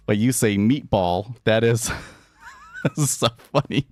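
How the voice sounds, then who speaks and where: A man's voice: fairly low pitch, slow, dry recording, soft background music. A man casually chatting and rambling through a live day-trading stream, laughing often.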